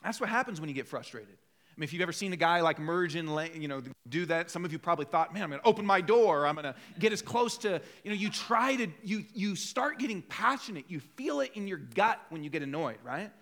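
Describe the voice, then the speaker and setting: A man preaching a sermon in a bright, ringing voice that sits high for a man. He tells stories with lively, acted-out quotes and a joking tone, pulling the congregation along. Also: fairly quick. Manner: animated storytelling with acted-out quotes. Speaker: pastor.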